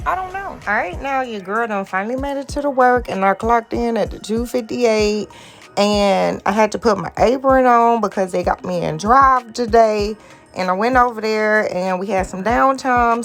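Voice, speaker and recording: A young woman vlogging in a casual, chatty way, swearing freely and calling her viewers honey and y'all. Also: mid-range voice. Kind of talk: casual vlog chat. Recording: background music under the voice. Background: background music.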